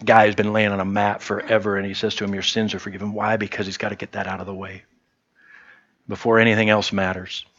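Man, pastor, conversational sermon, lowish voice, dull lo-fi recording. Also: flat delivery, fast talker, a bit bright. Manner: conversational preaching, with many restarts and quoted lines.

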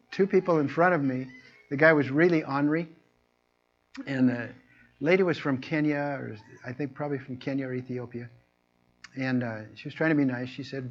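A man preaching a conversational sermon, telling everyday stories and acting out people's lines in a raised, animated voice. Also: medium pitch. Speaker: pastor. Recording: muffled lo-fi recording.

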